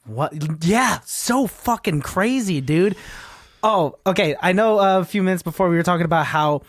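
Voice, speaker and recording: A man's voice: high voice, expressive, moderate pace, no echo. Laid-back young man, dry close mic. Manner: laid-back, swears casually, says dude. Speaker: podcast co-host. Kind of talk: casual chat.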